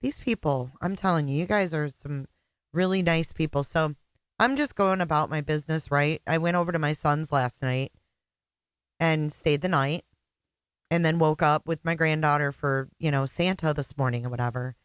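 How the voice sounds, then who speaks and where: A middle-aged woman with a smooth, low voice speaks at a moderate pace, with no echo. Hosting a casual livestream chat, she is emotional, teary, and chatty, greeting viewers by reading out their names.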